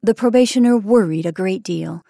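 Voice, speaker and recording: A woman reading a short story aloud in a measured, soft-spoken way. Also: mid-range voice, creaky, no room sound, clean studio sound. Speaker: narrator.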